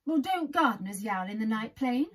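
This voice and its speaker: A woman's voice: on the high side, animated, moderate pace. Woman doing an eager little wooden girl doll. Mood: wondering.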